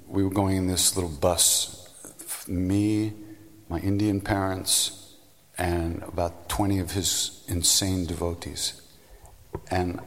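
A man giving a storytelling spiritual talk, unhurried, meandering and reflective. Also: low-pitched, creaky, big-room sound. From United States. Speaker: spiritual teacher.

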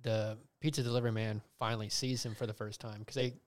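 A man talking as a podcast guest, calmly retelling a movie scene in casual chat. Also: on the low side, quick pace, clean tone.

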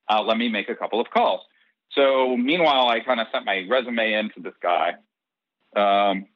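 Recorded with no room sound, dry and dull with a slight lo-fi quality, a fairly low-voiced man shares a personal story as an interview guest. He brings the quoted dialogue to life and keeps cracking up in this casual storytelling.

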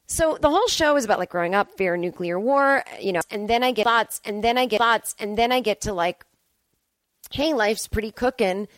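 A woman host rants bluntly through a casual comedic podcast monologue at home, swearing freely as she reacts to listener emails. Her voice sits at an ordinary middle pitch. The sound is dry and close, with no room echo. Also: brisk, few pauses, a bit bright.

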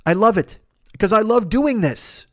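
A man's voice: high-pitched, expressive, measured pace, fairly bright tone, dry recording. A man hosting a podcast, rambling through a profane, self-deprecating comedic monologue in a studio. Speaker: podcast host.

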